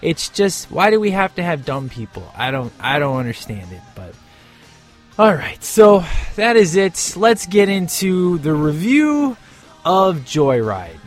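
Brief: male podcast host, slightly high voice, emphatic and opinionated, faint music bed. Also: unhurried. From United States. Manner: animated, emphatic, ranting. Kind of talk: casual show review and rant.

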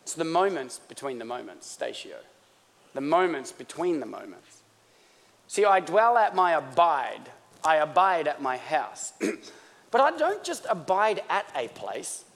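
A man's voice: fairly high pitch, very animated, measured pace, gravelly, fairly bright tone. A man from Australia preaching a sermon in a conversational, joking manner that builds toward fervor. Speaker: pastor. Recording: long church-hall reverb.

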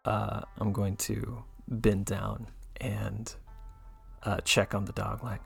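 A man's voice: lowish voice, level tone, slow, vocal fry, breathy edge, soft background music. A man playing a tabletop role-playing game, reading spell rules and chatting easily in character. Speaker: player.

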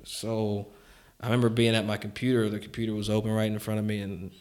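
A man's voice: lowish voice, level tone, fast, a little mellow. A man hosting a casual chat, telling a personal story candidly with lots of "like" fillers and frequent chuckles.

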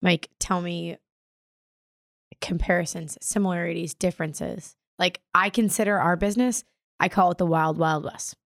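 A woman's voice: on the low side, fairly even intonation, moderate pace, a bit bright, no echo, clean studio sound. A woman hosting a casual interview, eagerly prompting her guest with questions. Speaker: podcast host.

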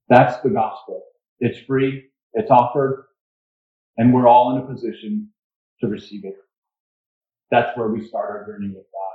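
A man preaching a sermon in a church, telling a story earnestly and then giving a quiet, gentle invitation to pray. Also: mid-range voice, fairly even intonation, a little slow, long pauses. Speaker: pastor. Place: church sanctuary. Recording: dull echoey church recording with mic issues.

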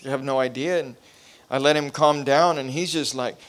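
A middle-aged male pastor preaching a revival sermon, building emphasis and then easing into quiet storytelling. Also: medium pitch, steady tone, normal speed.

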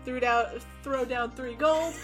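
A young woman with a high voice rattles through a recap of last session's tabletop game. She swears freely and acts out what the characters said, with faint music under her. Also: fairly even intonation. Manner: fast, profane, giggly recap with quoted voices. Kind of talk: casual chat.

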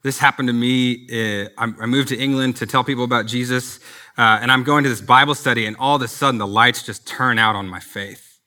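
A man's voice: medium pitch, steady tone, fairly quick, bright, forceful tone. A man preaching a sermon as a pastor, earnest and conversational, with personal asides.

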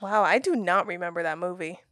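A woman hosting a casual movie chat, giggly and quick with reactions. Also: on the low side, fairly bright tone, no echo, studio quality. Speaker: podcast host.

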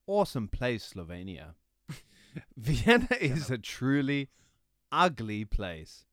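Animated Australian podcast co-host. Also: male voice, medium pitch, slow pace, no room sound, studio quality. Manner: laughing, teasing. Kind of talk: casual podcast chat.

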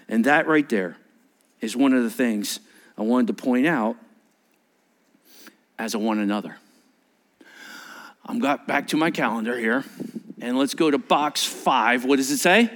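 A man preaching a sermon as pastor, with his voice leaping up high and loud whenever he quotes scripture. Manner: animated preaching, voice rising sharply when quoting scripture.

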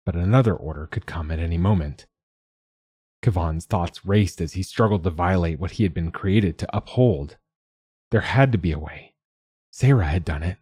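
A man narrating a short story in a steady, measured reading. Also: low voice, breathy edge, dry recording. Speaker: podcast narrator.

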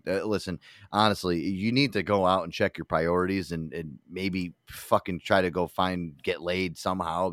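Ranting low-voiced man swearing through a chat. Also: dry recording, clean studio sound. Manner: ranting, heavy swearing, mocking asides. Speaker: podcast host. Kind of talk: casual profane chat.

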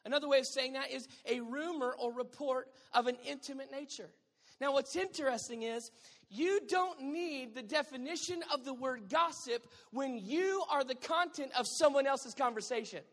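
A woman's voice: sits high, moderate pace, long reverb tail. A woman pastor preaching a sermon, emphatic and conversational with playful asides to the congregation.

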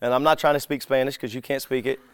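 A man teaching a live group in a relaxed, conversational way. He acts out bits of everyday dialogue as he tells his stories. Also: medium pitch, quick pace, clean tone, no echo. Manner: animated storyteller who acts out dialogue.

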